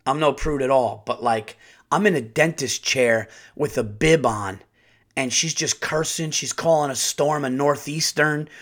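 A man's voice: mid-range voice, unhurried, a bit bright. Rambling, profane man telling a story. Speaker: podcast host and comedian. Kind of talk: casual storytelling.

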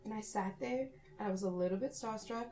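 A woman's voice: mid-range voice, brisk, a little mellow, slight background noise. A woman chatting casually, earnestly explaining her opinions. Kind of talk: casual chat.

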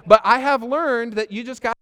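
A man's voice: extremely high pitch, moderate pace, sharp tone, clear, resonant tone, big-room sound. A man preaching a sermon as pastor, conversational and joking, talking straight to the congregation. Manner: conversational, jokey, addresses congregation directly. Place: church hall.

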